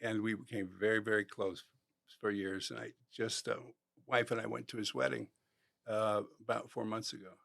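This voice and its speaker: A man in his sixties, a former football player, telling animated stories in a podcast interview and acting out the voices of people he quotes. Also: lowish voice, normal speed, gravelly. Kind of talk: storytelling interview.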